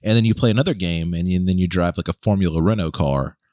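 Deep-voiced man, chatty host. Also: fast, dry recording, studio quality. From Texas. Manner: joking, animated, laughs often. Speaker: podcast host. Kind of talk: casual chat.

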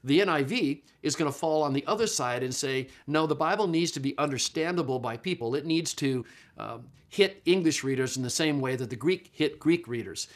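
A man's voice: on the high side, lively intonation, a little fast. A middle-aged man giving a conversational lecture on Bible translation, explaining patiently with frequent fillers and restarts. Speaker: Bible scholar and teacher.

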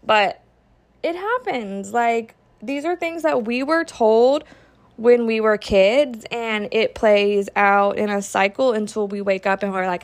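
A woman's voice: fairly high pitch, takes it slowly. A woman hosting a podcast, talking frankly and casually, often saying "like" and acting out what a parent might say. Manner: frank, peppered with "like", acts out quoted parent talk. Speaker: podcast host. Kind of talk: candid casual podcast monologue.

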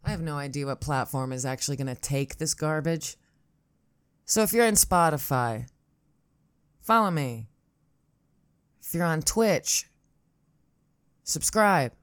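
Low-voiced, foul-mouthed Buffalo woman host. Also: measured pace, long pauses, smooth, no echo. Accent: Buffalo, New York. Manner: profane, sardonic, rambling. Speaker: podcast host. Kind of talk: solo podcast monologue.

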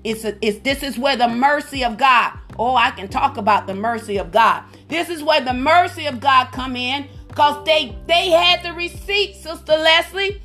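Brief: middle-aged woman preacher, high voice, fervent, soft music under. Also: normal speed, few pauses. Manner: fervent, exclaims hallelujah and glory to God. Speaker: prayer line host. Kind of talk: preaching on a prayer call.

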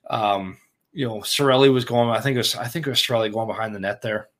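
Young man, podcast co-host, casual sports chat, animated, swears, mid-range voice. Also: medium pitch, quick pace. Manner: excitable, swears, animated storytelling.

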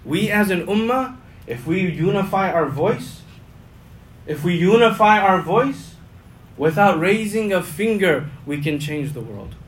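A male imam delivers a passionate Friday sermon, swinging from loud, emphatic lines to hushed, low ones and repeating key phrases. He is expressive and a little slow, and the audio quality is poor.

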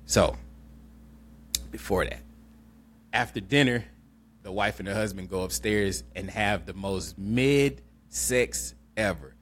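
A man hosting a podcast, recapping a movie in animated, laughing, profane storytelling. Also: on the low side, slow pace, long pauses. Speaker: podcast host. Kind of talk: casual chat, movie recap.

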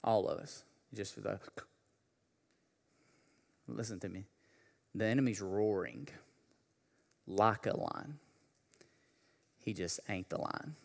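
A man preaching a sermon, talking casually with slang, then building to a loud, impassioned delivery. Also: lowish voice, takes it slowly, creaky, long pauses, long reverb tail. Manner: builds from conversational to shouting preacher intensity. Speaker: pastor.

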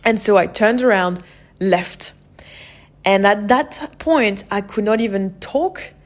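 A woman's voice: mid-range voice, animated, a little slow. A woman hosting a podcast, telling a personal story in an open, emotional way and often saying "like" and "you know". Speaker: podcast host.

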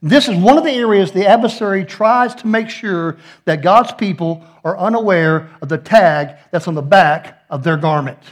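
Middle-aged pastor, high voice, folksy sermon with jokes. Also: male voice, normal speed, few pauses. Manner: folksy, joking storyteller with playful asides.

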